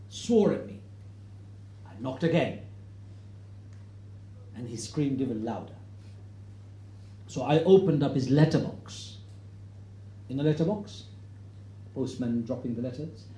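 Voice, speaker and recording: A middle-aged man giving a storytelling talk to an audience, acting out the quoted voices and rising to loud, emphatic points. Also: mid-range voice, animated, measured pace, pauses often, roomy sound. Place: hall with an audience.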